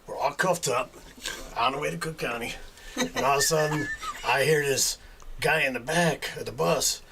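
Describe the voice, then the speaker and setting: A man's voice: fairly high pitch, normal speed, vocal fry. A middle-aged man, a guest DJ telling rambling stories in casual chat, laughing and dropping filler asides. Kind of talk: casual storytelling. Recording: distant mic with faint background noise.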